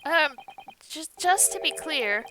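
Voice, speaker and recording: A woman's voice: sits high, animated, slow, noisy background. A woman reading the lines of a flustered young male lawyer, hesitant and confused, in her own voice. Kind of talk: reading game dialogue aloud.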